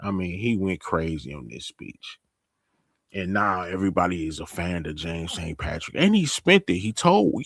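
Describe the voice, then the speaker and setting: Gravelly, husky man recapping a TV show. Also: low-pitched, moderate pace, no room sound. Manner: animated storytelling, acting out characters, laughing. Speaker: TV recap host. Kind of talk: casual slang-heavy episode recap.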